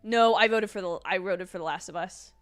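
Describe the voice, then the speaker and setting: A young woman chatting through a live watch-along from home, talking into a desk mic. She rambles easily and drops quick apologies as she goes. Her voice sits at an ordinary middle pitch and carries a sleepy edge. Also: soft background music. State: sleepy, yawning. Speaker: livestream host. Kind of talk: casual watch-along chat.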